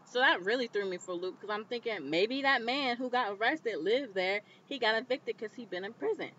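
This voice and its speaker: A woman vlogger recapping a TV episode in casual commentary, animated and indignant, talking straight to the viewer. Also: on the high side, brisk, a little hiss or hum. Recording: slightly dull lo-fi recording.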